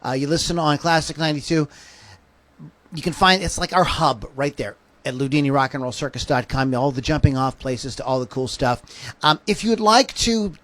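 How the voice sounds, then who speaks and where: A man's voice: a little high, normal speed, a bit bright, no echo. A man hosting a rock podcast livestream in casual chat, joking and rambling and stopping to correct himself, in a home studio. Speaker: podcast host. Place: home studio with a fan running.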